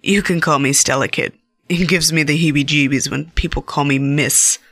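A woman's voice: low voice, steady tone, normal speed, fairly bright tone. A woman voicing a tough, no-nonsense detective in a radio drama. She speaks brusquely.

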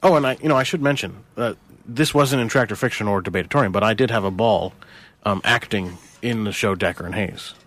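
A man's voice: on the low side, fairly quick, fairly bright tone. A man as a guest on a radio show, stammering and rambling through his answers. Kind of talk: hesitant comedic interview.

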